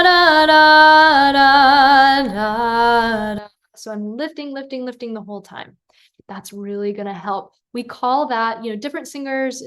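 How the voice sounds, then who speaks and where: A woman vocal coach giving a singing lesson, calm and encouraging, who breaks into sung syllables to demonstrate. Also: fairly high pitch.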